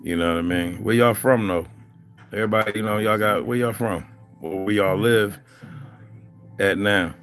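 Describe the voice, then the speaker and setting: Deep-voiced Philly man chatting on a livestream. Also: steady tone, moderate pace, pauses often, a bit bright, soft background music. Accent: Philadelphia. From Philadelphia. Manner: loose, rambling, talks straight to viewers. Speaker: livestream host. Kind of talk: casual livestream chat.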